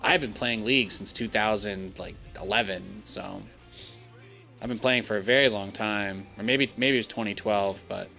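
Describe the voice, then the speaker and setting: A man in his thirties talks through a live game stream in a bright, forceful voice. He rambles casually and peppers his talk with "like". Faint music plays underneath. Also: lowish voice, moderate pace, creaky. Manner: chatty, rambling, heavy use of "like".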